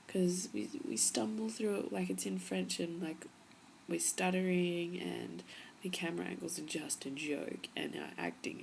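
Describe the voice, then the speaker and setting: Chatty young woman with heavy vocal fry. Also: fairly low pitch, darkish tone, slight background noise, rough recording. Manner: chatty, rambling, dips into whispers for emphasis. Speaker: vlogger. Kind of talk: casual storytelling vlog.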